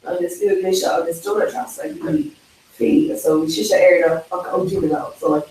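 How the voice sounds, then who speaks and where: A man's voice: high voice, sing-song, fairly quick, darkish tone. A young man chatting casually with friends, rambling and breaking into laughs as he acts out quotes. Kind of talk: casual chat among friends. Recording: echoey room, mic far off, faint hiss.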